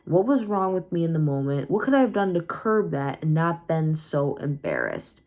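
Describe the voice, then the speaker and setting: A woman's voice: sits low, sing-song, moderate pace, darkish tone. A tired young woman vlogging casually from home at night, rambling candidly with many fillers and restarts. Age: young adult. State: tired and sleepy. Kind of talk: casual confessional vlog.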